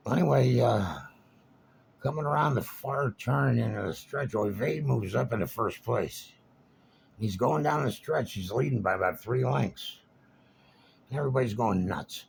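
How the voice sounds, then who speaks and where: A man's voice: medium pitch, animated, unhurried, vocal fry, slight background noise. A man telling a casual anecdote in a wry, meandering, conversational way. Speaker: storyteller.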